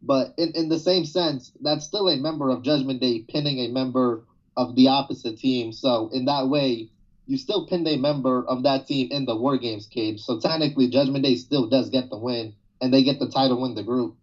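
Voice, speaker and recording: A man in casual podcast chat, explaining things deliberately. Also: medium pitch. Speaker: podcast guest. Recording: dull lo-fi.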